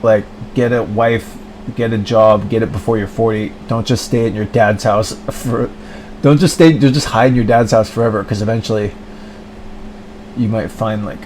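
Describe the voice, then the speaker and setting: A man's voice: lowish voice, fairly even intonation, moderate pace, a little mellow, slight background noise, rough recording. A man ranting in a rambling monologue, full of filler words and mocking impressions of other people. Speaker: vlogger.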